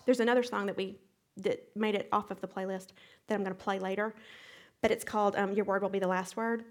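A middle-aged woman teaching a Bible study, retelling a hectic day as an animated testimony with sound effects. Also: medium pitch, quick pace.

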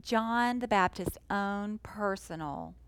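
A woman teaching a sermon in an earnest, emphatic way, slowing down to stress key phrases. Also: mid-range voice, fairly bright tone, clear, resonant tone, rough recording. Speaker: Bible teacher.

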